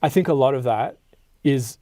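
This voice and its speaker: A man's voice: mid-range voice, normal speed, dark tone, dry recording. A man hosting a podcast, asking probing, thoughtful questions in a casual interview.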